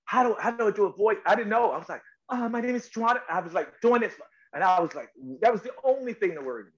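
A middle-aged male actor, a guest on a talk show, tells stories in a lively, emphatic way and acts out quotes. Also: high-pitched, quick pace. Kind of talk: animated interview storytelling. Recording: slightly dull lo-fi audio.

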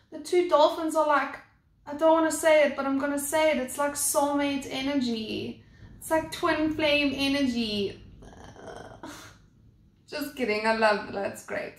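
A young woman doing a casual spoken card reading, rambling along with many fillers and restarts. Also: on the high side. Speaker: tarot and oracle card reader. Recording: echoey room.

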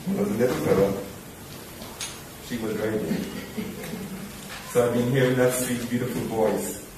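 A man giving a halting, emotional eulogy at a wake, often dropping quiet. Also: mid-range voice. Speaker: mourner giving a tribute. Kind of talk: spoken eulogy. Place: large church hall. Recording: echoey church from far off, noisy.

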